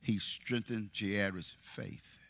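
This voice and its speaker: A man preaching a sermon as pastor, swinging from soft, low passages to loud, high shouting. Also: fairly even intonation, slow pace, no echo.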